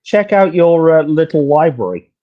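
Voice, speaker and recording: A man's voice: a little high, animated, moderate pace, highs cut off. A man co-hosting a casual book-talk podcast, talking animatedly with stumbling restarts. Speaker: podcast co-host. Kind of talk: casual chat.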